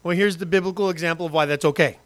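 A man preaching a sermon, reading scripture and acting out voices with humor and lively asides. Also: fairly high pitch, rapid-fire. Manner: animated, acts out quotes and asides with humor. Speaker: pastor.

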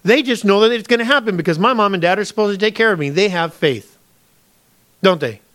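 A man's voice: high voice, brisk, a bit bright. A man, a pastor, preaching a conversational sermon, often acting out pleading prayers to God and addressing the congregation as folks.

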